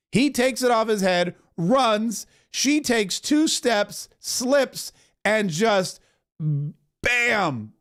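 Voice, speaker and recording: High-voiced joking podcast host, a man. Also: a bit bright. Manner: joking, rambling, chuckling asides. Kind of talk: political commentary podcast.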